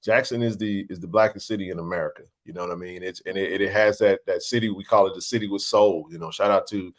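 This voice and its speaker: A man's voice: low voice, steady tone, quick pace. A man hosting a casual sports interview, asking long, winding questions. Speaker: podcast host.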